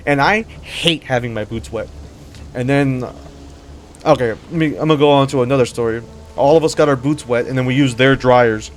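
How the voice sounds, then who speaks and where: A man's voice: mid-range voice, normal speed, slight background noise. A man giving casual, rambling commentary while he plays a game, slangy and profane, jumping between stories and reactions. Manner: rambling, profane, slangy, calls listeners brother. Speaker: gamer and commentator.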